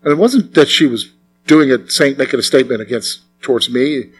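An older man, a pastor delivering a sermon, earnest and repeating phrases for emphasis, moving between hushed and forceful delivery. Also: mid-range voice, a little fast, slightly rough, soft background music.

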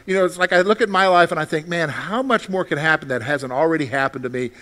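A male pastor with a high-pitched voice delivers a sermon. He talks animatedly, jumping from loud bursts to hushed, gentle lines. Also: fast. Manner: animated, swings from loud outbursts to soft quiet lines.

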